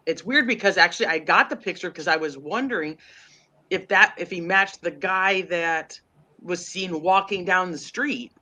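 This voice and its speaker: A man's voice: sits high, normal speed, bright, forceful tone. A congested man co-hosting a true crime livestream, rambling and thinking aloud with lots of fillers. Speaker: livestream co-host.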